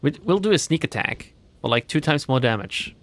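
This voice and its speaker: A man's voice: medium pitch, lively intonation, brisk, slight background noise. A man commentating his own horror game playthrough, chatting and reading item text aloud. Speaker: gaming streamer. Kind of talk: let's play commentary.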